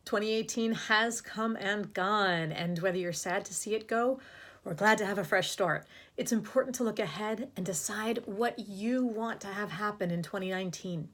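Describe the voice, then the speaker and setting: A woman's voice: medium pitch, normal speed, fairly bright tone. A woman voice and leadership coach giving direct-to-camera advice in an upbeat, emphatic way. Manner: demonstrates vocal habits by mimicking them.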